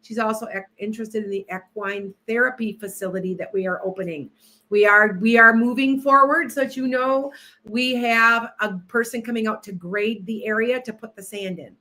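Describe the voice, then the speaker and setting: A woman's voice: on the high side, fairly even intonation, normal speed, sharp tone. A woman hosting a casual livestream, rambling and restarting often as she sets up and chats with viewers. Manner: rambling, distracted, many restarts. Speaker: livestream host and tarot reader.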